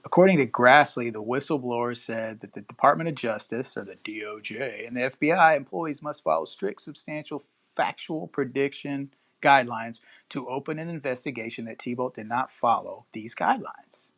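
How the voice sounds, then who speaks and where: A man's voice: mid-range voice, moderate pace, a bit bright. A man hosting a live-stream podcast, chatting casually with listeners and reading news aloud with loose, profane asides. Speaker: podcast host.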